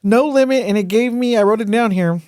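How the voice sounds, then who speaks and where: A woman's voice: mid-range voice, fast, darkish tone. A woman co-hosting a casual podcast chat, playful and teasing, with a slight lisp. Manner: playful, teasing, laughs often. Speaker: podcast co-host.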